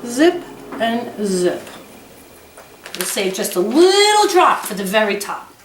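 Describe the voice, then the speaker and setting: A woman's voice: fairly high pitch, very animated, takes it slowly, noisy background. A woman hosting a home cooking demonstration in her kitchen, chatty and gushing with exclamations. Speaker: cooking show host. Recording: echoey kitchen with the mic at a distance.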